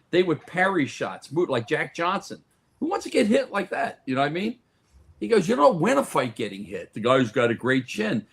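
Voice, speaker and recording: A man's voice: a little high, vocal fry, a bit bright, slightly rough. A man who is a guest on a sports talk radio show, telling stories in a casual chat and often restarting and repeating words.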